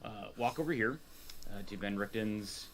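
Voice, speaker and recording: A man's voice: on the low side, normal speed, a little hiss or hum. Hesitant male player at a game table. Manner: hesitant, repeating words. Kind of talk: casual tabletop play.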